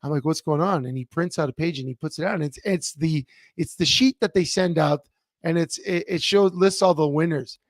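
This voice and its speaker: Animated man telling stories on a sports show. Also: a little high, a little fast, no room sound, clean studio sound. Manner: animated storyteller, many fillers and restarts. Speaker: co-host. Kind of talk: casual sports talk show chat. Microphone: remote computer mic.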